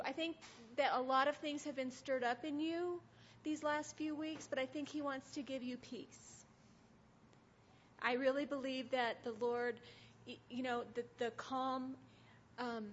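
Woman, middle-aged, high voice, gentle hesitant devotional teaching, muffled lo-fi sound. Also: slight background noise. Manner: soft, hesitant, with many ums. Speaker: women's ministry teacher. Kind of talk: devotional teaching with guided meditation. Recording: dull lo-fi recording.

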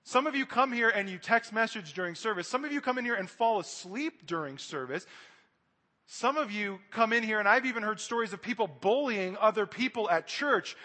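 Male preacher with a high voice, earnest and straight-talking to the church, reverberant hall. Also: lively intonation, fairly quick, bright, forceful tone. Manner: earnest, direct, addresses the congregation. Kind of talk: sermon.

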